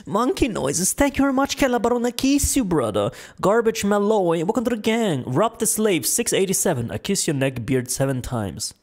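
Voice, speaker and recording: A male streamer chatting casually as he reads donations aloud, joking and swearing freely. His voice has a medium pitch and sounds worn from an hour of talking. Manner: loose, joking, profane banter. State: strained, tiring voice. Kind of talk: casual live-stream chat.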